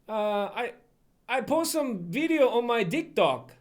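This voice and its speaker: A man live streaming, slowly joking over clips and repeating words. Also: very high voice, huge pitch swings, bright, forceful tone, slight background noise. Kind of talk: reaction stream commentary.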